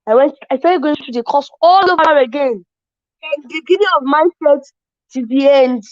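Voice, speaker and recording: A woman tells her story as an affiliate marketer in an excitable, casual way, often saying "as in". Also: high voice, moderate pace, no room sound. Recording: dull lo-fi, dry sound.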